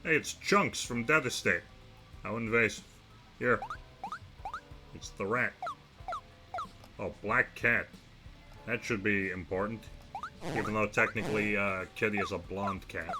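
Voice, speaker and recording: With music behind him, a young man narrates his let's-play in a lowish, slightly slow voice broken by long pauses. He reacts to the game with dry, self-directed remarks.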